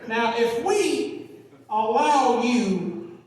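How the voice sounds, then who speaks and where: Man putting on a sly folksy senator, slow halting drawl, fairly high voice, echoey hall from far off. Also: expressive, darkish tone, full character voice. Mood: folksy questioning.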